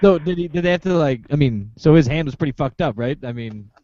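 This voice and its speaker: A male co-host with a mellow, slightly higher voice asks short questions. The sound is dry and a bit dull, with no room around it. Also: animated, fast talker, no room sound. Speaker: podcast co-host. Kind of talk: casual chat.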